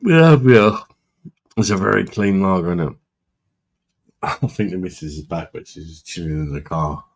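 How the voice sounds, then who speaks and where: A man's voice: sits low, normal speed, breathy edge. A man hosting a casual live stream, chatting with viewers in a blunt, sweary way and laughing often. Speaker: livestream host reading chat.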